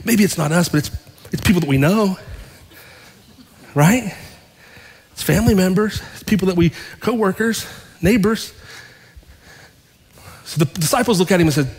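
Male pastor, high voice, conversational sermon, long hall reverb. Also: lively intonation, fairly quick, long pauses, darkish tone. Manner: conversational preaching, acting out dialogue, asking the congregation questions.

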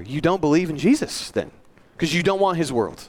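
A man's voice: a little high, very animated, fairly quick. A male pastor giving a sermon in a church, earnest and conversational, with self-deprecating asides.

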